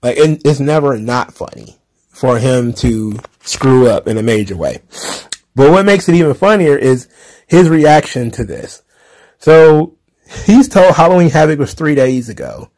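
On his laid-back wrestling recap show, a podcaster with a mid-range, slightly mellow voice rambles along with frequent laughter. Sarcastic side comments and lots of fillers run through his talk.

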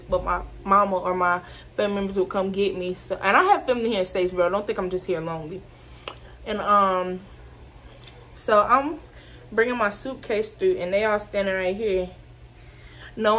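A woman, telling a casual, animated storytime full of swearing and laughter. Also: medium pitch, fairly quick, slight background noise. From Georgia, US. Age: 20s. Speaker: vlogger.

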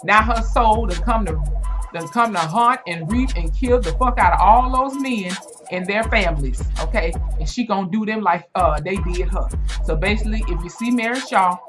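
A young woman in her twenties chatting through a reaction video, swearing freely and swinging her pitch from low mutters up to high exclamations. Her voice sits at an ordinary middle pitch, with faint music playing softly behind her. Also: moderate pace. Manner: animated, profane storytelling with big pitch swings. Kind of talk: casual reaction commentary.

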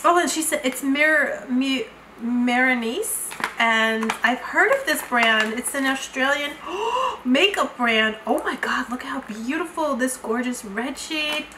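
A woman's voice: high-pitched, lively intonation, slow pace, reverberant, noisy background. A woman beauty vlogger chatting through an unboxing, gushing and exclamatory as she talks to her viewers. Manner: gushing, effusive, frequent exclamations. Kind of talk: unboxing vlog chat.

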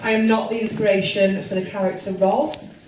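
A woman in her forties performing a stand-up comedy set, self-deprecating and bawdy with deadpan asides. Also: mid-range voice, brisk, far from the mic, a little hiss or hum. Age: 40s. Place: comedy club stage with audience. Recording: roomy live club sound with crowd laughter.

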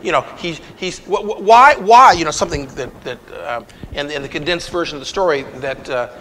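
A man giving a conversational lecture to an audience, animated and retelling scenes with quoted dialogue. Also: on the high side, a little fast, slight background noise. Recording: long reverb of a lecture hall.

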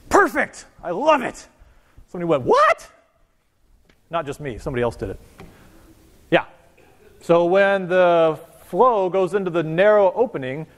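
A man teaching a university physics lecture, animated and joking as he talks to his class. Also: on the high side. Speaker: physics professor. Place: lecture hall. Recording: reverberant lecture hall.

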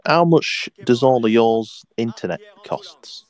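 A man's voice: medium pitch, slow pace, darkish tone. Drowsy guy mumbling. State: tired, drowsy. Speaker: gamer in voice chat. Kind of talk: casual banter.

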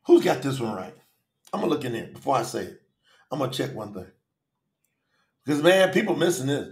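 A man preaching in a livestream sermon, fervently calling out viewers by name and swinging between shouts and low murmurs. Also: very animated, brisk, long pauses, echoey room. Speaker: preacher hosting a live Bible study.

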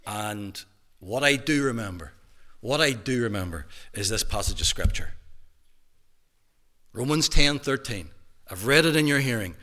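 A man in his fifties with a Northern Irish accent, a minister giving an emphatic testimony sermon in a church hall, dropping to a hush and then rising loud. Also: medium pitch, expressive, a little slow, pauses often. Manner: emphatic preaching with big swings from hushed to loud.

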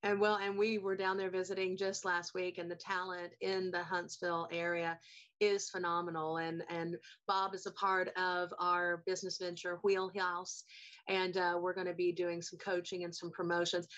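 A woman's voice: lowish voice, level tone, normal speed, fairly bright tone, lo-fi sound. A woman from Georgia, hosting a casual interview show in an effusive, chatty way. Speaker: host.

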